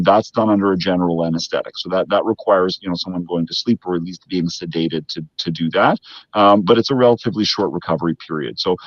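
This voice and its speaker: A man's voice: low-pitched, no room sound, muffled recording. A man from Canada, a plastic surgeon, explaining procedures methodically in an interview, with frequent restarts.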